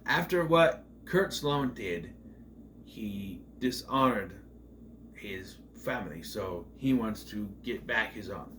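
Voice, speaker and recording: A man talks through a movie review in a loose, rambling way and acts out the scenes in quick quoted voices. He flares up into loud, mock-outraged outbursts now and then. His voice sits at a middle pitch over a faint bed of background noise.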